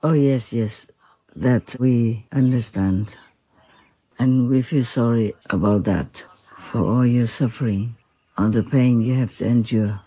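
A benevolent otherworldly king speaks in a slow, formal and reassuring way , as a speaker relays his words. The voice is mellow and unhurried, recorded dry and close. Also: mid-range voice, breathy edge, no echo, poor audio. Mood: sympathetic.

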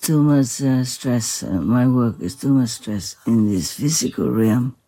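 A humble, reverent spiritual teacher in a devotional spoken dialogue, soft-spoken with gentle laughs and a slightly strained voice. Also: medium pitch, unhurried, low-quality recording. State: voice a little strained.

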